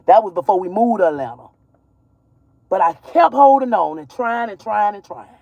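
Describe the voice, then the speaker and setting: A mother vlogger from Georgia drives along and unloads on her viewers in a heated, profane rant, blunt and full of cutting asides. Her mid-range voice is expressive, gravelly, and mellow at a normal pace. The recording is dry and close inside the car, with no room sound and a dull quality.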